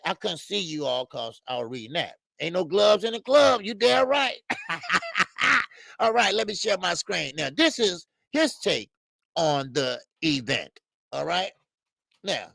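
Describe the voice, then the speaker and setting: A man's voice: medium pitch, vocal fry, a bit bright, no echo, clean studio sound. A man hosting a live boxing talk stream, commenting in a loose, slangy way and greeting viewers in the chat between laughing asides. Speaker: boxing show host.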